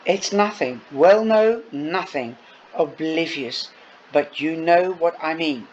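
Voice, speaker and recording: A man voicing a guarded young man with a tight jaw, words clipped and strained. The pitch sits a little above the reader's own. The recording is muffled, with a faint hiss underneath. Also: slow. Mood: tense. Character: tense young man on the phone. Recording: dull lo-fi with faint noise.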